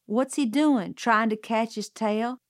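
A woman's voice: a little high, slow, no echo, studio quality. Calpurnia, a woman voicing a firm, scolding housekeeper. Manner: firm, scolding, calls out loudly. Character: brisk, no-nonsense older housekeeper woman.

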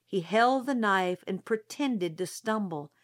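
A woman narrating a novel aloud in a steady storytelling manner. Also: mid-range voice, a little slow. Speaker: audiobook narrator. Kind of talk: scripted narration.

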